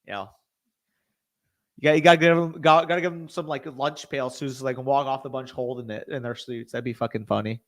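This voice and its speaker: Excitable young man hosting a live stream. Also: mid-range voice, a little fast. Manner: excitable, swears freely, talks to chat. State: tired, hiccuping. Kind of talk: casual live-stream commentary.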